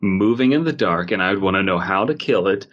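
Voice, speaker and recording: A man's voice: deep voice, expressive, brisk, a bit bright, dull audio. A man co-hosting a podcast, rambling and stammering through jokes. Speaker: podcast co-host. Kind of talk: casual chat.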